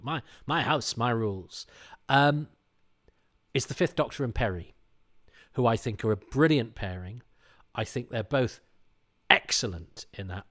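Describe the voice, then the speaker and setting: A middle-aged man holds forth in a casual podcast monologue. His voice sits at an ordinary middle pitch, and he tells his stories in an animated, indignant way. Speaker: podcast host.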